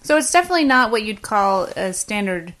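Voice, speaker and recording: A woman's voice: mid-range voice, very animated, fairly quick, fairly bright tone. A woman co-hosting a podcast, talking through the taste of cheeses in an easy, conversational way. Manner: conversational, tasting and describing food. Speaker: podcast co-host. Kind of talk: casual chat.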